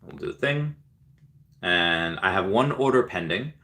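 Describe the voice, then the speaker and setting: A man's voice: low voice, expressive, a little slow, pushed and bright. A man hosting a casual livestream, reading viewer comments aloud with lots of ums and cheering on the winners. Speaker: livestream host reading chat.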